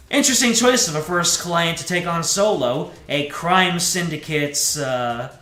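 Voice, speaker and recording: A man's voice: on the high side, unhurried, bright, forceful tone, faint music behind. A male streamer giving casual let's play commentary, musing aloud and restarting his sentences. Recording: echoey room.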